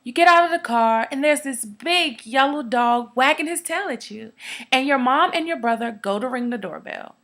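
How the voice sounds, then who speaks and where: A woman performing a dramatic monologue, telling a first-person story in an earnest, quiet, measured way. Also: sits high, expressive.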